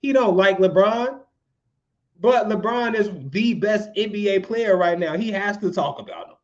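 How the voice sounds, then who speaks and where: A man's voice: high-pitched, normal speed, dull audio. A man who blogs about hip hop, talking loosely on a podcast with casual swearing. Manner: loose, swearing, laughing asides.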